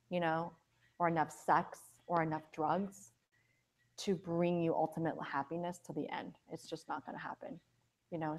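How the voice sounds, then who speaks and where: A young adult woman giving a casual, conversational Buddhist teaching, sometimes acting out quoted voices. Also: fairly low pitch. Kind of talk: casual dharma talk.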